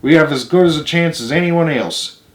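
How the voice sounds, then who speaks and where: A man voicing an excited old grandfather who runs a country store, talking eagerly and loudly. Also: fairly high pitch, normal speed, voice pushed up, lightly acted. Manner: eager, loud, bursting with excitement. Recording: roomy echo.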